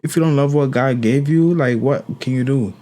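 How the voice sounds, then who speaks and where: A man's voice: medium pitch, normal speed, dark tone. A man giving casual reaction commentary, incredulous and questioning, often repeating himself.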